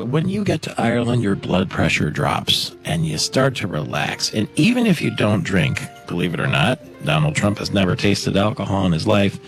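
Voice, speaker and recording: Chatty male talk-show host, gravelly voice. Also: lowish voice, fairly bright tone. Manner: chatty, joking, laughs at his own asides. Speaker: radio host. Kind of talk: casual talk-show commentary.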